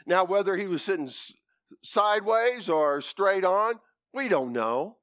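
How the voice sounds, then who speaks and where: A man preaching a folksy, animated sermon, with whoops and asides to the congregation. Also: sits high, a little slow, dry recording, clean studio sound.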